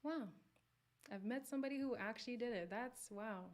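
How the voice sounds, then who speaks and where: A woman hosting a live recap stream, chatting casually with viewers and reacting with animated exclamations. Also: fairly high pitch, moderate pace.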